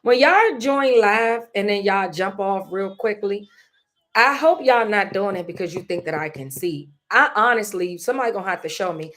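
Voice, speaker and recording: A middle-aged woman hosts her own podcast, sharing a personal story in an earnest, prayerful way, praying aloud and laughing through a funny memory. Her voice is mid-range, expressive and a bit bright, at a moderate pace, with slight background noise.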